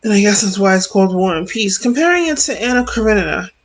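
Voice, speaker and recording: A woman hosting a casual vlog about books, her voice carrying a gravelly, creaky edge. She wanders off track and keeps correcting herself as she talks, laughing often along the way. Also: medium pitch, expressive, fast talker. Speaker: vlog host.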